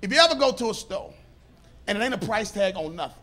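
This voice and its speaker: A man performing stand-up comedy, telling an animated story and often laughing and shouting into his punchlines. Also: high-pitched, fast.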